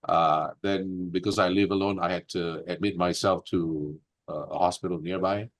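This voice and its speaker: Deep-voiced man telling a grievance. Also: steady tone, normal speed. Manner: earnest, aggrieved, many fillers and restarts. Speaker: interview guest. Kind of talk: candid personal storytelling.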